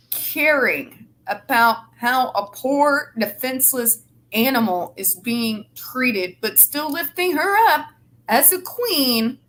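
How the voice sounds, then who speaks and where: A woman's voice: a little high, big pitch swings, slow pace, fairly bright tone. A woman hosting a casual group chat, heated, indignant and swearing freely. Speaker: host.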